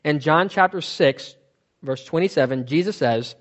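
A man's voice: a little high, lively intonation, a little fast, dull audio. A man teaching from the Bible in a sermon, asking questions and answering them himself, stressing key words.

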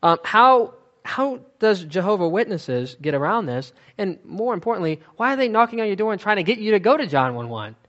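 A man's voice: high voice, big pitch swings, brisk, few pauses, fairly bright tone, muffled recording. Emphatic man teaching from the Bible. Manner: emphatic, conversational explaining.

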